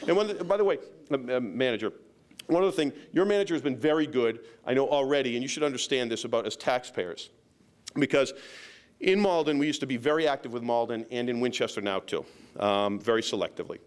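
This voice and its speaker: Rambling sheriff with a smooth voice. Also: male voice, mid-range voice, animated, fast. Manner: rambling, self-deprecating, lots of restarts and fillers. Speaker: county sheriff. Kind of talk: casual storytelling talk to a local meeting.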